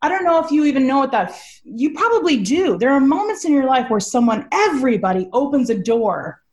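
Animated, laughing woman guest on a video call. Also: high voice, fairly quick. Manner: animated, laughing, swears freely. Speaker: podcast guest. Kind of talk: emotional storytelling chat.

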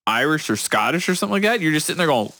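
Chatty Canadian man, bright lively pitch. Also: very fast, no echo. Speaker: podcast co-host. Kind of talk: casual chat among friends.

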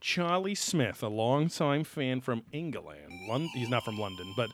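A man's voice: medium pitch, very animated, measured pace, music in the background. A man co-hosting a podcast, chatting casually over beers, rambling loosely and swearing offhandedly. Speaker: podcast co-host.

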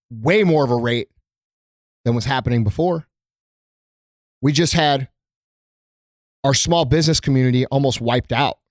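A man speaks off the cuff to his followers, earnest and shaken, with frequent swearing and halting restarts. His voice sits in an ordinary middle pitch and sounds close and dry, with no room around it. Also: no echo. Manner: earnest and emotional, heavy swearing, many ums and restarts. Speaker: small business owner addressing his followers. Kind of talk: unscripted heartfelt monologue. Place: his company premises, indoors.

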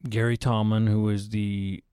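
A middle-aged man, an actor guest in a casual interview, telling stories with lively acted-out voices. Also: lowish voice, a little slow, smooth, no room sound, clean studio sound. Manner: animated storyteller, acts out his own panicked inner voice.

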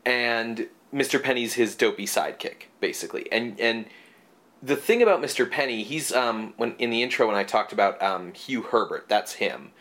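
A man's voice: medium pitch, moderate pace, fairly bright tone. A man co-hosting a casual movie podcast, talking in rambling stretches full of fillers and restarts. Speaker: podcast co-host. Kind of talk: casual movie review chat.

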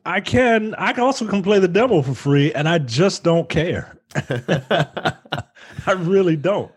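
A man's voice: high voice, normal speed, husky. A man co-hosting a casual gaming podcast, with a laid-back way of talking. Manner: laid-back, laughs along. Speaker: podcast co-host. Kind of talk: casual chat.

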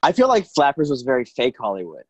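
Man, dry close recording, casual storyteller, mid-pitch, mimics people he quotes. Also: huge pitch swings, quick pace, dry recording. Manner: dry storyteller, backchannels often, acts out quotes. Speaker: former comedy club staffer. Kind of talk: casual podcast chat.

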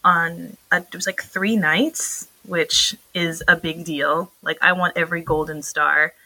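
A woman in her thirties chats on a podcast with a bright, ringing voice. She tells stories with animated energy, her pitch jumping up as she laughs. The sound is dry and close. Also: a little slow, no echo, low-quality recording. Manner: animated, laughing storyteller with lively jumps in pitch. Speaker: podcast co-host. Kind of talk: casual chat.

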